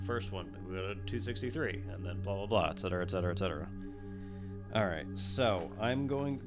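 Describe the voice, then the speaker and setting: A man streaming, who reads a solo tabletop adventure aloud and breaks off for relaxed, chatty asides with the odd curse word, on a condenser mic. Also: fairly low pitch. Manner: relaxed, chatty, drops curse words between read passages.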